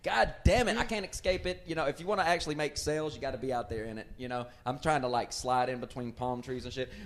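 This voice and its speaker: A young man hosting a podcast, loud and animated, telling stories and acting out drunken relatives in rough drawled voices. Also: mid-range voice, fast talker. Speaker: podcast host. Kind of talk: casual chat.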